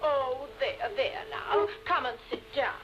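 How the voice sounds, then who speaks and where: A woman's voice: high voice, slow pace, highs cut off, faint music behind. An actress playing a gushing, meddlesome society busybody woman in a 1950s television drama, effusive and catty. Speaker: visiting friend.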